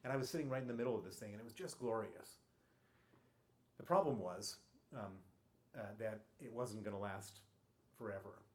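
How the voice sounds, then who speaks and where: A man's voice: lowish voice, a little mellow. A man giving a public talk as guest speaker, telling his story with punchy emphasis, dry humour and frequent restarts. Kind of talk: storytelling lecture to an audience. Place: college lecture hall.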